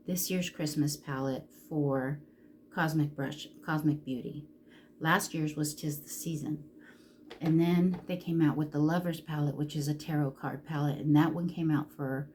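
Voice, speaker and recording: Gravelly, slow-talking middle-aged woman. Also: low-pitched, a little mellow, slight background noise. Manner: rambling, crude and giggly. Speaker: makeup vlogger. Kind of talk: casual get-ready-with-me chat.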